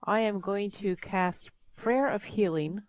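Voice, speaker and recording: Woman, tabletop player, tentative, gentle, mid pitch, dry sound. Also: slow pace, no echo, lo-fi sound. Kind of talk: casual tabletop play.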